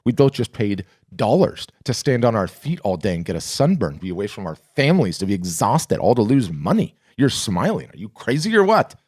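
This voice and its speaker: A man voices a worn-out, worried artist friend who cannot believe what he is hearing. The friend pleads incredulously in a deep voice that is a little higher than the man's own. The sound is close and dry. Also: sing-song, a little fast, few pauses, darkish tone, dry recording.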